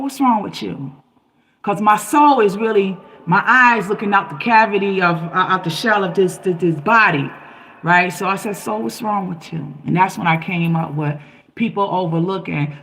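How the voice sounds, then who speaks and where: Bright, preachy woman live-streamer. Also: medium pitch, poor audio. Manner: preachy, fires off rhetorical questions. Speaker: livestream host. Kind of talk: impassioned live-stream monologue.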